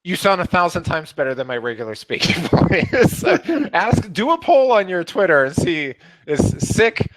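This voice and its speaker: A man in casual chat with a lively, swooping pitch and a slightly high voice. He jokes around, laughing in the middle of his sentences, recorded dry and close. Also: moderate pace, few pauses, dry recording. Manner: animated and joking, laughs mid-sentence. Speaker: podcast co-host.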